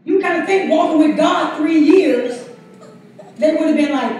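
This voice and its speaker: A high-pitched woman teaches a Bible study in a loose, laughing, call-and-response manner. She is picked up from across a very echoey church room, with faint noise behind her. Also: normal speed, darkish tone, recorded from a distance. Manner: conversational, laughs often, calls for congregation response. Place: church sanctuary.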